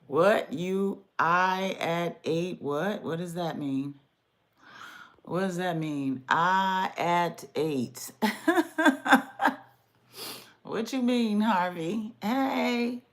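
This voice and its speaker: A woman hosting her podcast with sassy, animated casual commentary, talking straight to her audience. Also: on the low side, very slow. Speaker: podcast host.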